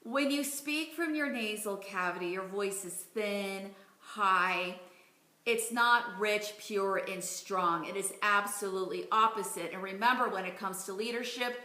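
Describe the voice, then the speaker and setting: A woman in her forties, a speech coach giving a clear, deliberate instructional lesson. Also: mid-range voice, sharp tone. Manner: clear, deliberate teaching delivery. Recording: roomy echo.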